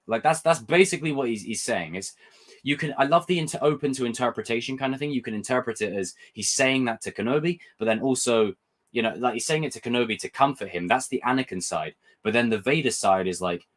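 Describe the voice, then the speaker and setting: A young man hosting a casual livestream review, talking in an excitable, rambling way and swearing freely. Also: fairly low pitch, a little fast. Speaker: host.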